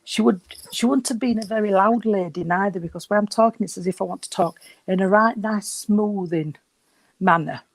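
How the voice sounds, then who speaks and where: Guy doing a medium reading, soft and reassuring, a bit out of breath, dry sound. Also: high voice, normal speed, creaky, no echo. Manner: gentle, reassuring, calls people sweetheart. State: short of breath. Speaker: spiritualist medium. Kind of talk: giving a reading at a service.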